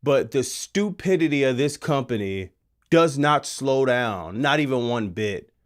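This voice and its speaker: A male streamer rants to his chat in a sarcastic, exasperated voice. He talks slowly and drags out his words, then now and then breaks into loud shouts. His voice sits at an ordinary middle pitch. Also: lively intonation. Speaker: wrestling commentator streamer. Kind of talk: live-stream rant.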